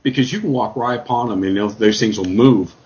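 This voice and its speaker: A deep-voiced man talks in a loose, rambling way, full of fillers and restarts. The sound is dull and lo-fi, like an old radio show. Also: fairly quick, a little mellow. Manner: rambling, many fillers and restarts, folksy grammar. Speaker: guest describing a Sasquatch sighting. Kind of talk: casual call-in radio talk.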